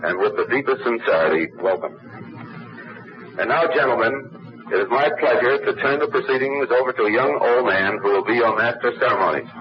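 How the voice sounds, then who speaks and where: A man giving a measured, formal after-dinner introduction at a club roast, with a few dry jokes. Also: medium pitch, animated, a crowd in the background. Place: banquet hall. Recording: dull noisy 1950s archival recording.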